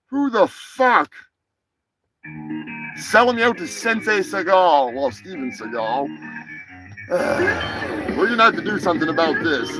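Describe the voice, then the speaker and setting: A man's voice: fairly high pitch, big pitch swings, unhurried, pauses often, music in the background. A man hosting a live comedy stream in laid-back, rambling banter, stoned and full of fillers.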